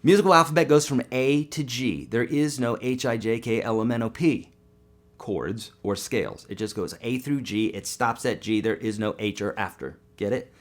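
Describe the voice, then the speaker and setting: A man teaching guitar on a live webcast, upbeat and quick, singing note names now and then, with his morning voice. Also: mid-range voice.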